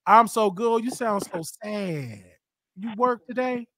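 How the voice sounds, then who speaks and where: A man hosting a call-in talk show, teasing and confronting callers and often bursting into shouts. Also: high voice, animated, takes it slowly, no echo, clean studio sound.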